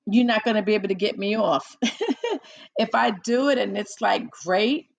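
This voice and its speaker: A woman's voice: medium pitch, normal speed, creaky, no room sound, low-quality recording. A woman hosting a podcast in casual chat with a caller, chatty and self-deprecating, laughing often and admitting she feels nervous. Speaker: podcast host.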